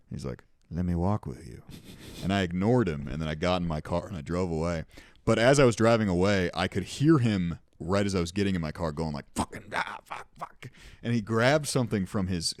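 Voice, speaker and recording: A man's voice: low-pitched, animated, a little fast, dry recording, studio quality. A young man hosting a podcast, telling rambling, profane anecdotes in casual chat. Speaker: podcast host.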